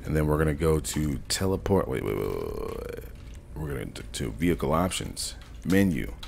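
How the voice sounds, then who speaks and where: Deep-voiced dude on a chill tutorial stream, slangy, thinking out loud. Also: male voice, very animated, moderate pace, vocal fry, a little hiss or hum. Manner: laid-back slangy talk, thinks aloud and corrects himself. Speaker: gaming streamer. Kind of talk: live modding tutorial, casual chat.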